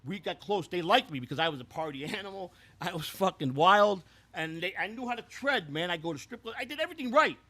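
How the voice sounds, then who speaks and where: A man's voice: high-pitched, expressive, fast, hardly any pauses, bright, forceful tone, exaggerated voice. A man playing a brash, foul-mouthed former baseball clubhouse worker who rambles through stories and trips over repeated words. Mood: boastful. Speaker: host. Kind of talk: scripted comedic character storytelling.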